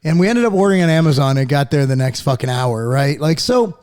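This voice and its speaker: A man's voice: a little high, fast talker. A man in his forties hosting a podcast, ranting casually with constant swearing. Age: 40s. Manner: profane, animated ranting. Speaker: podcast host.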